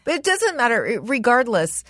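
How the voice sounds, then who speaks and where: A woman's voice: on the high side, big pitch swings, a little fast, fairly bright tone, no echo, clean studio sound. A woman co-hosting a podcast in casual chat, speaking bluntly with swearing and often acting out what others say. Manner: blunt and profane, acting out quoted remarks. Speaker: podcast co-host.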